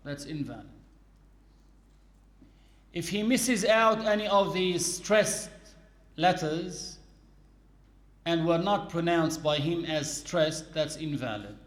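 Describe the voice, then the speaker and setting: A man with a fairly high voice delivers a religious lesson at an unhurried, measured pace. He explains each point deliberately and illustrates it with everyday examples. The sound carries a noticeable room echo. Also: animated. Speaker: Islamic teacher. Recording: echoey room.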